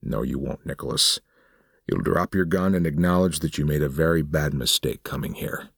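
A smug older villain, voiced by a man, speaks with calm condescension. The voice is extremely deep with gravelly fry and a husky grain. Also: normal speed, no room sound, clean studio sound, full character voice.

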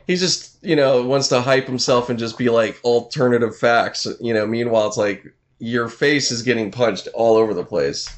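A man talking loosely and casually, circling back on himself with fillers and restarts. His voice sits at an ordinary middle pitch and he drops in the odd swear word. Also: normal speed. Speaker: boxing fan in casual conversation. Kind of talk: casual chat.

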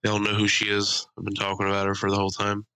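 A man's voice: lowish voice, completely flat delivery, rapid-fire, sharp tone, clean tone, dry recording, low-quality recording. A young man co-hosting a casual podcast, telling stories with crude jokes and putting on voices. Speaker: podcast co-host. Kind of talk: casual chat.

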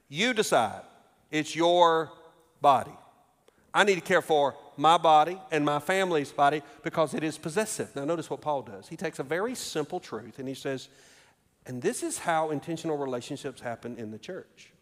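A man preaching a sermon as pastor, moving from quiet conversational asides to raised, emphatic delivery. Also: on the high side. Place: church sanctuary. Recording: reverberant hall.

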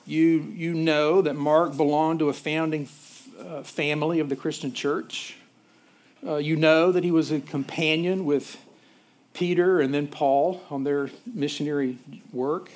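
Pastor with a high, halting voice. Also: male voice, fairly even intonation, a little mellow. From Nashville, USA. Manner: halting, with frequent fillers and restarts. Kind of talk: sermon.

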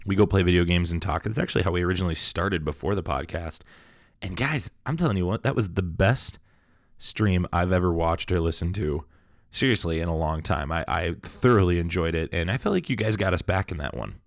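A man's voice: low voice, brisk, gravelly, dry recording, studio quality. A man hosting a casual pop culture podcast, talking in an upbeat, chatty, welcoming way. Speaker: podcast host. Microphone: studio microphone.

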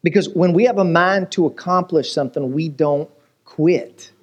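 A man's voice: on the high side, normal speed. A man preaching a sermon as pastor, telling jokes and stories and asking the congregation rhetorical questions.

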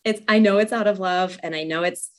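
A woman's voice: mid-range voice, a little fast. A young woman hosting a faith-based podcast, talking candidly with many fillers and frequent laughs. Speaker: podcast host. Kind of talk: faith-based casual chat.

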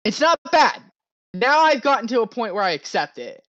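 A man's voice: very high-pitched, sing-song, moderate pace, pushed and bright, no echo. A young man talking candidly as a podcast guest, rambling and laughing often. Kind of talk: casual podcast chat. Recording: dull lo-fi recording.

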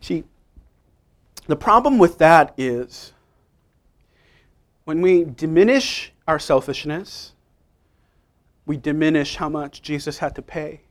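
A male pastor preaching a sermon, emphatic and playful, swinging from quiet asides to loud stresses. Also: a little high, takes it slowly, long pauses.

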